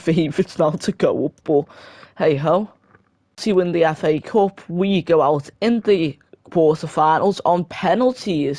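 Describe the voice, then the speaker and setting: A young adult talks through a football game career in a relaxed, chatty voice-over, fixing slips on the fly and dropping quick laughing asides. The voice sits at a middle pitch. The recording is close and dry, with no room sound. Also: no echo. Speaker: gaming video creator.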